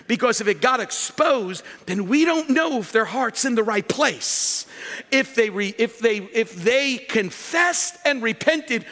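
A man preaching a sermon as pastor, animated and rising to shouts for emphasis. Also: extremely high pitch, moderate pace, in a large hall.

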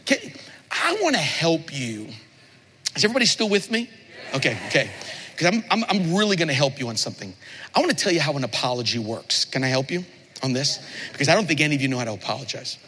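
A man in his forties preaching a sermon as a pastor, playful and animated, with sudden emphatic outbursts, in a large church hall. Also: fairly high pitch, quick pace, a little hiss or hum. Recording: long hall reverb.

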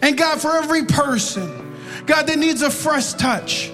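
High-voiced male preacher in a hall. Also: animated, unhurried, music in the background. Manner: impassioned, repetitive prayer cadence. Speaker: pastor. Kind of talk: sermon and altar-call prayer.

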